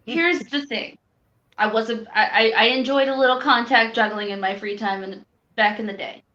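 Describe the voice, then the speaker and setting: A woman on a casual podcast, weighing her choice in a musing, unhurried way. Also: on the high side, steady tone, pushed and bright, echoey room, highs cut off. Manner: musing, taking her time.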